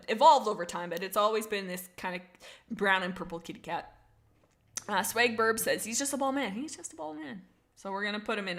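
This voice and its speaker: A young woman with a mid-range, slightly bright voice reads out viewer comments on a casual livestream. Her chat is bubbly, giggly and rambling, with many restarts and laughs.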